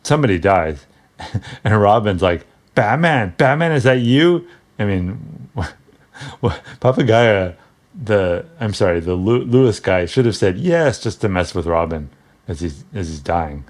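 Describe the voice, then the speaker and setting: Man, very low voice, casual comic commentary, rambling, wry asides. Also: animated, unhurried, a little mellow. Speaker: comic book reviewer.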